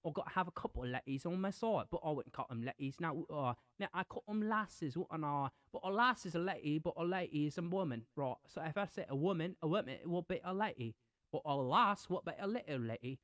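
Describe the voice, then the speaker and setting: A man's voice: fairly high pitch, lively intonation, quick pace, a bit bright, dry recording. A man putting on a British accent to play a swaggering, cocky young lad who boasts and teases. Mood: boastful. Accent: put-on British. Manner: boastful, teasing.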